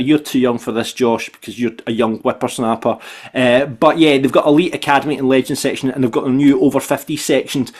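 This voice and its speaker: A man with a Scottish accent hosting a football podcast, telling stories in a chatty, animated way and often tagging "right?" onto his sentences. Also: on the high side. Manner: animated storyteller, repeats "right?". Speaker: podcast host. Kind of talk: casual football podcast chat.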